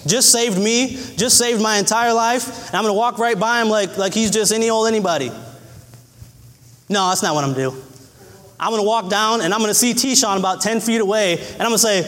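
Male preacher, high voice, folksy and earnest sermon, long hall reverb. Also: brisk, a bit bright. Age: adult. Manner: folksy, earnest, acts out scenes.

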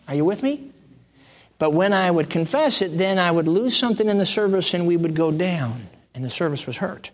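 A man preaching a sermon in a conversational way, jumping to emphatic high peaks and then dropping to soft, hushed lines. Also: expressive, fairly quick. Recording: long reverb of a large hall.

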